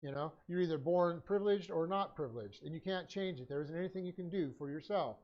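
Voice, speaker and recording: A man teaching a Bible study class and dictating his notes, talking haltingly with many fillers and self-corrections. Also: a little high, muffled recording.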